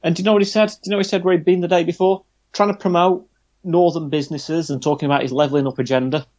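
A man's voice: on the high side, fairly even intonation, racing, darkish tone. A man co-hosting a casual news chat, wry and chatty. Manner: chatty, wry, drifts into mock quotes. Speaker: podcast co-host. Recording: dull lo-fi sound.

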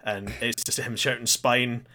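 A man co-hosting a casual podcast chat about an anime, animated and given to loud quoted voices when retelling scenes. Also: mid-range voice, a little fast. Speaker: podcast co-host.

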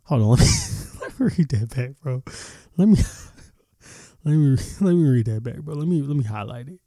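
A man talks through a casual reaction vlog in a blunt, profane way, stopping now and then to clear his throat. His voice sits at an ordinary pitch with a warm, dark tone. The sound is dry and close. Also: expressive, moderate pace, no room sound. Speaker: commentary vlogger.

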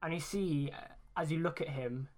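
Woman game master, very deep voice, slow low-key narration. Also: a little mellow.

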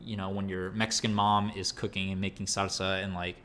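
Young man, lowish voice, slangy animated storyteller, casual chat. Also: brisk, a little hiss or hum. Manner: animated, slangy, lots of fillers and restarts. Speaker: storyteller recounting training.

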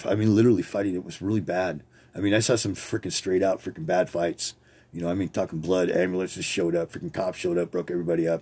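A man's voice: sits low, gravelly, a little mellow, breathy edge. A man hosting a podcast, telling rambling personal stories in a casual, profane way and laughing often. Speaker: podcast host.

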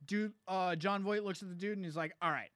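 A man's voice: sits high, fairly even intonation, no room sound. A man co-hosting a casual movie review chat, swearing and telling the plot in a laid-back way. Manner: swearing, laid-back storytelling, quick asides. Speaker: podcast co-host.

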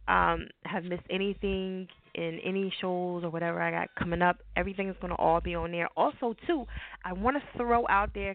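A woman with a low, gravelly voice hosts a call-in radio show, chatting in a loose, slangy, rambling way. The sound is thin and tinny, like a phone line. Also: no echo. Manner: laid-back, slangy, rambling. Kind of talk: casual radio talk.

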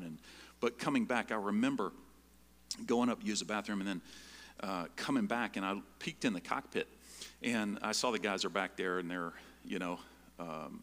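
Preaching in a large hall, a middle-aged pastor tells a personal story conversationally, often tossing a quick "right?" to the listeners. His voice is low-pitched and a bit bright.

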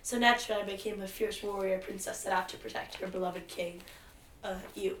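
A woman's voice: medium pitch, fairly even intonation, fairly quick, recorded from a distance, close to an everyday voice. A woman voicing a devoted young cyberpunk warrior princess in a comedy script reading, with an earnest, heroic delivery. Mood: proud. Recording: echoey room, faint noise, off-mic.

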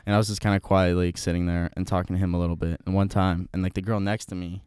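A young man rambling through a casual podcast conversation, full of fillers and restarts. His voice sits low and resonant, recorded close and dry. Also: flat delivery, fast, darkish tone, clear, resonant tone, no echo.

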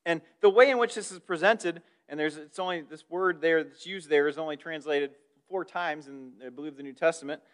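A man's voice: a little high, a little fast, hardly any pauses, clear, resonant tone. A man preaching a conversational evening sermon, teaching from a text with casual asides. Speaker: pastor.

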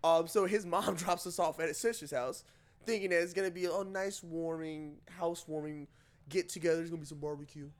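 A man's voice: fairly high pitch, brisk. A young man telling a party story in casual talk, swearing and laughing often. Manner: animated, profane, laughs through the telling.

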